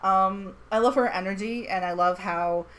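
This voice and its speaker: A woman's voice: medium pitch, moderate pace, fairly bright tone. A woman chatting casually about a character from a tabletop game, giggling often and acting out quotes. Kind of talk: casual chat.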